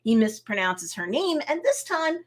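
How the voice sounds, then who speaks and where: A woman hosting a casual live review of a TV episode, recapping scenes in a lively way, acting out the characters' reactions, and slipping into motherly advice. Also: fairly high pitch, moderate pace. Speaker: host and TV reviewer.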